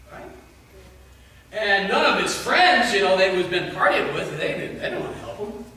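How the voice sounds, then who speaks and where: A man's voice: high voice, sharp tone, a little hiss or hum. A man giving a children's message in church, telling a story in a playful way and asking the children questions. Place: church sanctuary. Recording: echoey church hall from a distance.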